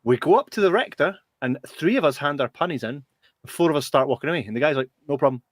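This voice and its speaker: Scottish guy, slightly higher-pitched voice, laughs through loose storytelling, dry close sound. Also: animated, fast, no room sound. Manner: laughs through his stories, swearing freely. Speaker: podcast co-host. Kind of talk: casual chat, animated storytelling.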